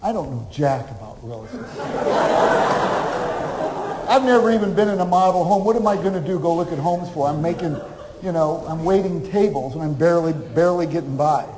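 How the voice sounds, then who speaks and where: Animated male keynote storyteller in hall. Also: fairly high pitch, brisk, crowd noise. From Omaha, Nebraska. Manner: animated storyteller, acts out dialogue. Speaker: motivational speaker. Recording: reverberant hall with faint noise.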